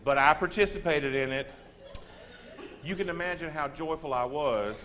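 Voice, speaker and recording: A man in his forties with a Texan accent, giving a comic storytelling speech in a lively, self-mocking drawl. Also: a little high, moderate pace. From Texas. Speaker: humorous speaker.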